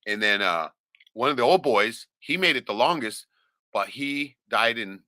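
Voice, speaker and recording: A man's voice: medium pitch, expressive, measured pace, pushed and bright, no echo. A middle-aged man from Alaska telling a rambling, profane story in casual talk, laughing often and tagging lines with "right?". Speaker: vlogger.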